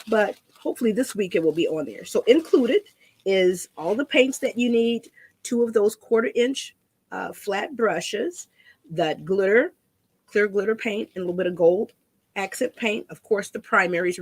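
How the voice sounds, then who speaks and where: A woman talks through a painting craft at her table, chatty and loose, often repeating herself as she works. Her voice has a husky edge at a middle pitch. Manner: chatty, rambling, repeats words. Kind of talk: casual craft demonstration.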